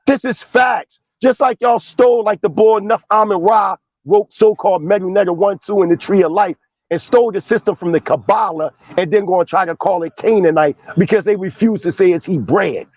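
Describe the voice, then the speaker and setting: Fairly quick and a little mellow, a high-pitched man argues confrontationally in a heated debate, swearing as he emphatically presses each point. His voice comes through slightly dull and lo-fi, with dry, close sound.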